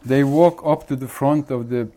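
A man's voice: mid-range voice, warm tone. A man who is a spiritual teacher, chuckling as he tells a joke in casual talk. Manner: unhurried, chuckling often.

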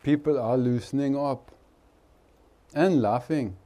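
Slow, mellow Indian-accented man. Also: mid-range voice. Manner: chatty, teasing, laughs often, nonnative grammar. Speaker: spiritual teacher. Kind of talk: informal spiritual talk to a gathering.

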